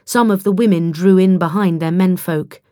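A woman reading a science fiction story aloud in an even storytelling delivery. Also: on the low side, normal speed, no echo, studio quality. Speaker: audiobook narrator. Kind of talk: scripted narration.

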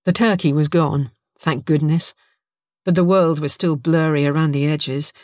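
A woman reads an audiobook with lively, expressive storytelling. Her voice sits on the low side. It is recorded close in a dead, dry studio booth. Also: unhurried, dry recording. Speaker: narrator. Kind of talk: scripted audiobook narration.

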